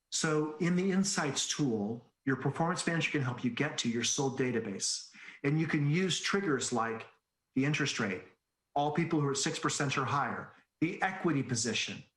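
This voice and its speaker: In a roomy-sounding recording, a fairly high-pitched man presents a sales training webinar. He's an animated storyteller, telling anecdotes with jokes and acting out the voices he quotes.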